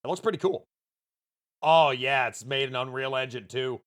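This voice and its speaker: Joking and chatty, a man streams a game as a VTuber, giving casual commentary to chat and muttering to himself while he plays. He has a mid-range, slightly bright voice at a moderate pace.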